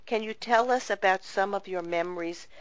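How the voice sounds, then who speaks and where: A woman's voice: medium pitch, moderate pace, no room sound, rough recording. A woman hosting a radio interview who asks earnest, emphatic questions.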